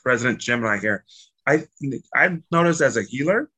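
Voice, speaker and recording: A man hosting a casual spiritual chat, animated and jokey, blunt and swearing freely. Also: medium pitch, a little fast, husky, low-quality recording.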